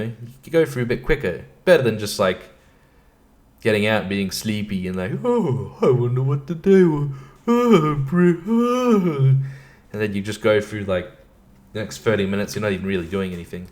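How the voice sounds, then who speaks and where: Rambling, sardonic young man podcasting. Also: lowish voice. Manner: rambling, sardonic, swears often, laughs at himself. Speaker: podcast host. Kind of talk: casual solo podcast rambling.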